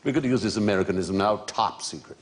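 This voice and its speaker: A man's voice: fairly low pitch, fast. An older man hosting a quiz show, explaining facts in an erudite way and laughing often.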